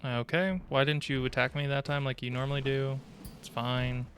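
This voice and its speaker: While streaming a game, a man chats casually and mutters self-deprecating remarks to himself as he plays. His medium-pitched voice is flat and a bit bright at a normal speed, with slight background noise.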